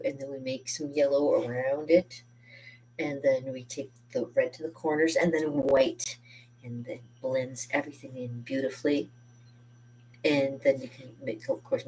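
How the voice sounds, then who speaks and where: A woman's voice: low-pitched, husky, far from the mic. A woman chatting casually and enthusiastically as she shows kids' painting projects, with lots of fillers and self-corrections. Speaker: art teacher showing kids' painting projects. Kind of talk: casual chat.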